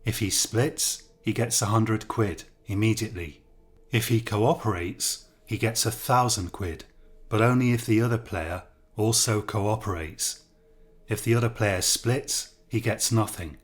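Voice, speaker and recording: A genial male professor, as a male storyteller voices him, explaining the rules of a game over dinner. His low voice takes a patient, lecturing tone. It is read as a spoken story. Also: unhurried, natural voice.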